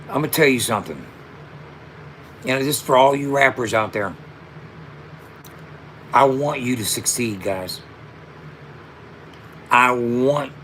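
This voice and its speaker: A man's voice: mid-range voice, slow, long pauses, fairly bright tone, slight background noise. A man in his fifties, a rapper and founder, speaking straight to camera in a heartfelt, emphatic monologue full of slang and repeated asides. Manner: emphatic, repetitive, street slang, emotional.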